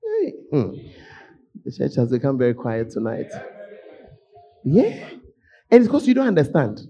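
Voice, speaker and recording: Hoarse, husky preacher man. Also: huge pitch swings, measured pace, lo-fi sound, faint music behind. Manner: emotional, shouting preaching with sudden drops to low tones. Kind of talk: sermon. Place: church sanctuary.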